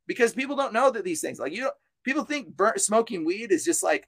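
A man's voice: high-pitched, expressive, fairly quick, a bit bright, no room sound. A man talking as an exorcist guest on a podcast, fervent and insistent, repeating himself and mixing in casual slang. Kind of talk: preachy podcast talk.

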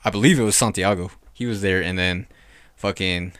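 Young guy, lowish voice, loose profane storyteller, dry close mic. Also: fairly quick, fairly bright tone, dry recording. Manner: rambling, profane, lots of "like". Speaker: podcast host telling a ghost story. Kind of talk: casual storytelling.

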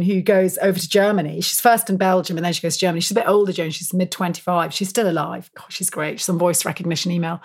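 A woman, speaking as an author interviewed as a guest. She tells her stories with energy, laughs often, and uses lots of fillers and restarts. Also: mid-range voice. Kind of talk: animated storytelling interview.

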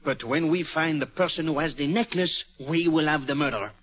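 Precise, polite Belgian sleuth with French accent, slightly high voice, old radio drama sound. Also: male voice, a little fast, a bit bright, breathy edge. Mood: inquisitive, polite. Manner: courteous, precise, sprinkles French words. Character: fussy, polite middle-aged Belgian male detective. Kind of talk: 1940s radio acting. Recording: dull old radio broadcast.

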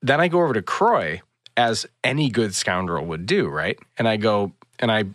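A man with a fairly low voice tells a story with energy, slipping into other voices for the dialogue. The sound is close and dry, with no room around it. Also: normal speed, no room sound. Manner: animated storyteller, acts out dialogue. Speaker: podcast host. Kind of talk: casual chat.

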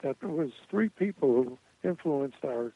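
An older man telling comedy stories as a guest in a radio interview, rambling with many pauses and restarts. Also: medium pitch, animated, slightly rough, dry recording. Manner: rambling anecdotes with frequent uh and restarts. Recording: tinny dry phone line.

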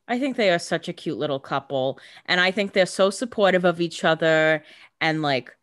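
A woman's voice: fairly low pitch, normal speed, dry recording. A young woman co-hosting a podcast, giving blunt, casual commentary on a TV show and swearing for emphasis. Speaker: podcast co-host.

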